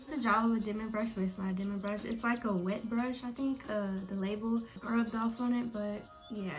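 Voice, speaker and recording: A young woman chatting casually to her viewers as she walks them through her hair-care routine. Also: fairly high pitch. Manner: chatty, talks straight to viewers. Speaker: beauty vlogger.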